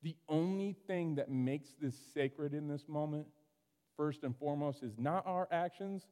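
A male pastor delivers a lively sermon in a high, ringing voice. He swings from loud exclamations down to hushed asides. The sound carries a long hall reverb. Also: a little slow, clear, resonant tone. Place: church sanctuary.

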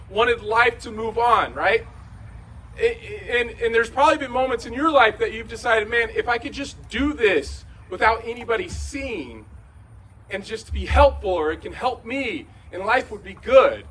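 A man preaching a conversational sermon in a large room, going from hushed to shouting. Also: high-pitched, slightly rough, far from the mic, rough recording. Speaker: pastor.

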